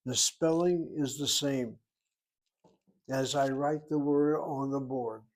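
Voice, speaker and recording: A man's voice: mid-range voice, steady tone, slow, a little mellow. An older man teaching a Hebrew class, explaining words and asking and answering his own questions. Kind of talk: classroom lecture.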